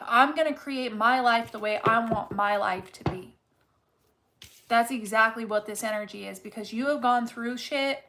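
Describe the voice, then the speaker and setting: A woman's voice: fairly high pitch, a bit bright. A woman giving a casual tarot reading and talking straight to the viewer, blunt and full of swearing, repeating phrases to hammer her point home. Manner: candid and profane, talks straight to the viewer; emphatic and repetitive when making a point. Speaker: tarot reader.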